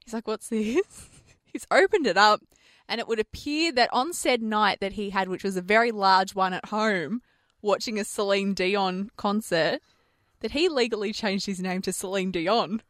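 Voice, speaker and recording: An Australian woman on radio with a mid-pitched voice, wry and teasing as she banters and tells stories. The recording is close and dry. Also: moderate pace, no echo. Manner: wry, teasing, lively storyteller. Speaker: radio host. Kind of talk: breakfast radio banter and storytelling.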